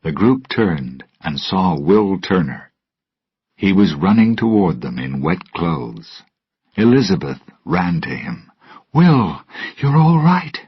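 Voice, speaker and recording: Storybook narrator: man, deep and raspy, slow and deliberate, dry lo-fi sound. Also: animated, no room sound. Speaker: storybook reader. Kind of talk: graded-reader story narration for English learners. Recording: dull lo-fi recording.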